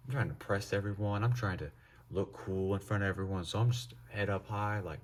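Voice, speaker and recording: A young man telling a casual storytime with lots of swearing and animated delivery. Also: on the low side, a little fast. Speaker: vlogger.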